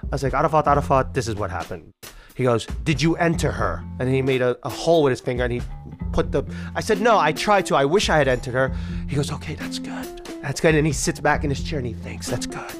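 Speaking fast over music, a thirtysomething man with a medium-pitched voice tells an animated first-person story about himself, performing the voices of the people in it.

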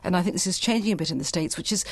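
Woman guest, low-pitched, measured and eloquent, dry sound. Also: slightly rough, no echo. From Britain. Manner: articulate, measured, elaborating with asides. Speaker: food writer guest. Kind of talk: interview conversation.

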